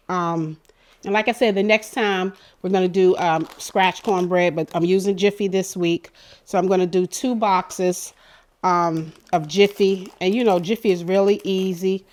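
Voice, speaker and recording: A middle-aged woman giving a casual cooking demonstration, telling chatty, rambling stories with many fillers. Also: lowish voice. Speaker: cooking show cook.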